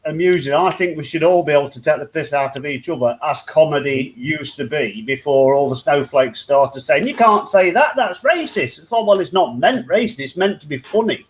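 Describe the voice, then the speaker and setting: A man's voice: fairly high pitch, darkish tone, slightly rough. A man from England joking and teasing his friends in a casual online chat. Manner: joking, teasing, quick to laugh.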